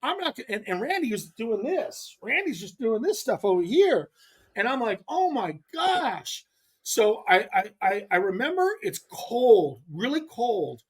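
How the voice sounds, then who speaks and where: A man as a guest telling a long, animated story in casual chat, emphatic and rambling. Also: sits high, normal speed, breathy edge. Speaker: guest angler.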